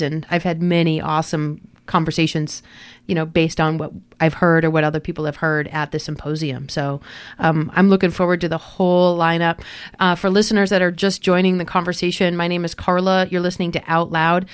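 A woman's voice: low voice, little pitch movement, brisk, clear, resonant tone. A woman hosting a community radio talk show, interviewing guests with a hesitant, filler-heavy manner.

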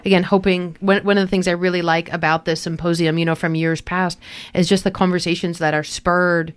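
A woman's voice: lowish voice, level tone, a little fast, clear, resonant tone. A woman hosting a community radio talk show, interviewing guests with a hesitant, filler-heavy manner.

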